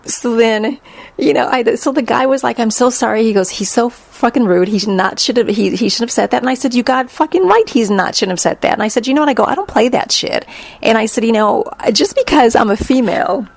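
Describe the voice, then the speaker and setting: A middle-aged woman hosting a podcast, telling a story in a blunt, profane, animated way. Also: a little high, a little fast, creaky, dry recording. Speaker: podcast host. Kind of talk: casual storytelling monologue.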